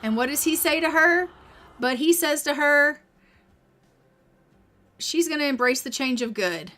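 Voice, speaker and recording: High-pitched and a little slow, her bright voice sounds pushed as this streamer plays. She keeps up casual commentary and viewer chat, reading game text aloud and occasionally voicing characters.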